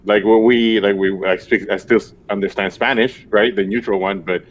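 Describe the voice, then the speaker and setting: Low-voiced Argentine-born man chatting. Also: fairly even intonation, moderate pace, slight background noise. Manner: rambling, many "like" fillers. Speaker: guest. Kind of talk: casual chat.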